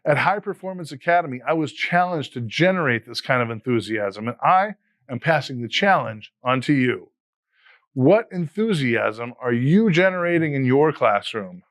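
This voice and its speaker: This educator and podcast host, a man in his fifties, has a medium-pitched, bright voice with lively intonation on a dry recording. His scripted talk to other teachers is earnest, motivational and measured.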